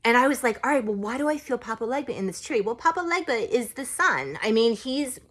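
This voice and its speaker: A woman's voice: a little high, animated, fairly quick, fairly bright tone. A woman talks straight to her viewers in a loose, wandering way, padding her sentences with "like" and "you know." Her words run on with feeling as she shares her spiritual practice. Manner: rambling, emotional, heavy use of "like" and "you know". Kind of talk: casual spiritual vlog talk.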